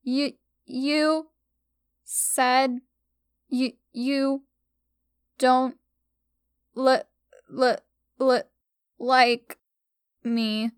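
A woman's voice: high-pitched, slow, few pauses, fairly bright tone, no room sound, clean studio sound. A woman voicing a giddy, whiny teenage girl who squeals and stammers when upset, in an audiobook story. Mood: tearful stammer.

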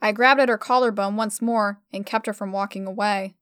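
A woman reading a first-person story aloud with expressive delivery. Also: medium pitch, fairly quick, hardly any pauses, smooth, dry recording, studio quality.

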